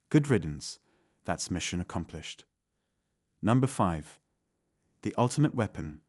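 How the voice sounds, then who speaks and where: A man giving calm, measured self-help advice in scripted narration. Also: lowish voice, dry recording, studio quality. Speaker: channel narrator.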